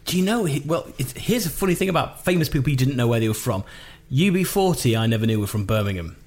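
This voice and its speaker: A man's voice: mid-range voice, animated, quick pace, a little mellow. A man from Newcastle, hosting a casual podcast chat and reading listener emails aloud. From Newcastle, England. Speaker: podcast host.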